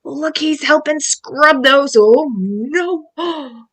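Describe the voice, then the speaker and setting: A woman reading a picture book aloud to children, excited and exclaiming, with gasps and cries of surprise. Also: sits high, very slow, low-quality recording.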